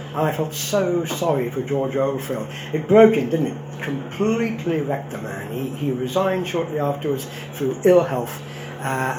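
A man's voice: a little high, noisy background. An older man, a historian, giving a public lecture in a wry, conversational way with frequent ums and asides. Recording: roomy hall echo.

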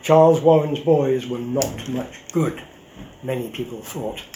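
A man's voice: medium pitch, a little slow, dark tone, slight background noise. An older man, a historian, giving a public lecture in a wry, conversational way with frequent ums and asides. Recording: roomy hall echo.

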